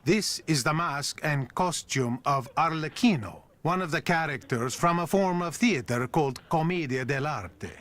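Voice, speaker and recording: A man's voice: a little high, fairly bright tone, close to an everyday voice. A man playing a formal masked Venetian. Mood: measured. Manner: polite, measured, formal. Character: Venetian man in harlequin costume, reserved. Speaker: game character. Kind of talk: game character voice acting.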